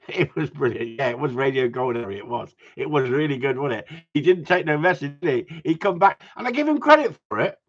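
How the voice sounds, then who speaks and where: A man's voice: mid-range voice, animated, brisk. Chatty, sweary man. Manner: swears a lot, laughs often, chatty. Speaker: live stream host. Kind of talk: casual chat with viewers. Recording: dull lo-fi sound.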